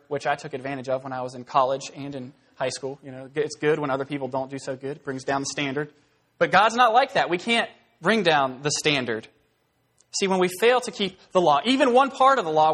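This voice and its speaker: A man preaching an expository sermon in a casual, conversational way, full of fillers and asides, acting out scenes as he explains. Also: a little high. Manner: animated storytelling, acting out scenes.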